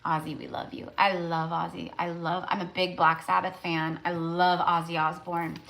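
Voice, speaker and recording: Tarot lady on a livestream, bright sharp voice, rambly and emotional, lots of "like"s. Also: on the low side, level tone, normal speed, gravelly. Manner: rambling and emotional, with many fillers. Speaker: tarot reader. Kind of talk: casual live-stream chat.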